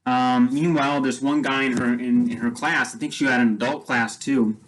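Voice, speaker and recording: A man casually retelling a story in his own plain voice. He rambles, repeats himself, and leans on fillers as he goes. The tone is relaxed and conversational. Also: medium pitch, moderate pace, soft background music, rough recording.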